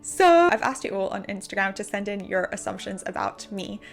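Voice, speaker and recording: A woman's voice: medium pitch, expressive, a little fast, vocal fry, faint music behind. A woman of twenty-five with a mixed English accent that has an Irish-sounding lilt, chatting earnestly and apologetically to camera at home. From England. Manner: earnest, apologetic, over-explaining. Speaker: YouTuber. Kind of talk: casual chat to camera.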